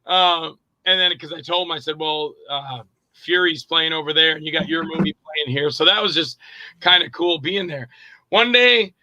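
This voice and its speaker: A middle-aged man, an actor and director, telling anecdotes in a casual interview, animated and acting out quoted voices. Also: on the high side, moderate pace, no room sound, dull audio.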